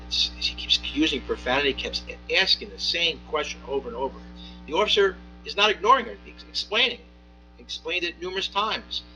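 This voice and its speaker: A man, a municipal judge, speaking from the bench in a courtroom, giving a measured ruling with frequent pauses, fillers and restarts. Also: a little high, lively intonation, pushed and bright, faint music behind, rough recording.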